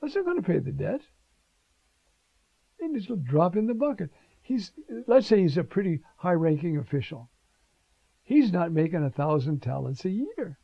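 A man preaching a sermon with emphatic, animated delivery, rhetorical questions and frequent fillers. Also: high voice, moderate pace, creaky, long pauses, breathy edge, no echo. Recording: dull lo-fi recording.

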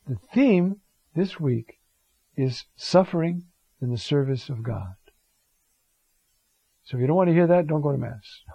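A man's voice: on the high side, animated, a little slow, vocal fry, pauses often, dark tone, breathy edge, dry recording. A man teaching on a Bible reading in a conversational, digressive homily style, often saying "you see". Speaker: priest teaching on scripture. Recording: dull lo-fi close mic, dry.

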